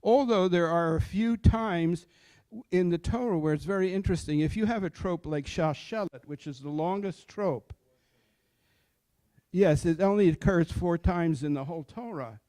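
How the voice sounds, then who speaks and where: A man's voice: sits high, normal speed, mellow, no room sound. Older man teaching chant, dry sound. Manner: explanatory, poses questions to listeners and answers them. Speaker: cantor teaching Torah chant. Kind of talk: informal lecture to a study group.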